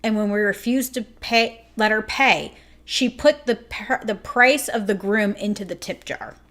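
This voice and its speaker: Woman salon owner ranting through a story, lots of "like", middle pitch. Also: a bit bright. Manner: emotional, fast-shifting retelling with many "like"s. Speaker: grooming salon owner and host. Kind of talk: casual storytelling monologue.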